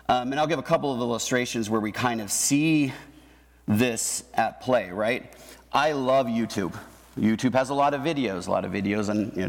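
Man, pastor, relaxed sermon, keeps saying right, long hall echo. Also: medium pitch. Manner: conversational, keeps asking "right?". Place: church hall with an audience.

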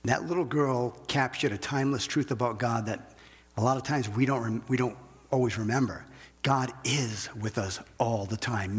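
A man preaches to his congregation in an easygoing, conversational way. His voice is husky and breathy, at a middling pitch, and he keeps restarting phrases and asking his listeners "okay?". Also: long reverb tail. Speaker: pastor. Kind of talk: sermon.

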